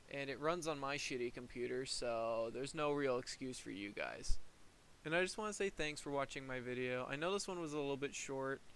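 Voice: mid-range voice, a bit bright, slight background noise, poor audio. A young adult game reviewer talking casually and swearing freely while giving a gameplay review.

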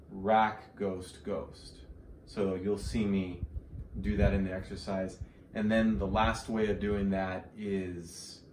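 A man teaching drum exercises, explaining slowly and counting and scatting the rhythms aloud. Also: on the low side. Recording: roomy, from a distance, faint hiss.

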